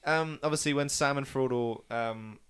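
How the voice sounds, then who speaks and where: A man's voice: medium pitch, moderate pace, fairly bright tone, clear, resonant tone. A man in a casual podcast chat, talking about a film with rambling, enthusiastic gushing. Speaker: film review podcast guest watching for the first time.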